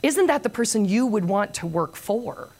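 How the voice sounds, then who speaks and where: Gravelly-voiced older woman giving a keynote. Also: mid-range voice, moderate pace. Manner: animated, self-mocking storyteller. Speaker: keynote speaker. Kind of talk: motivational conference talk.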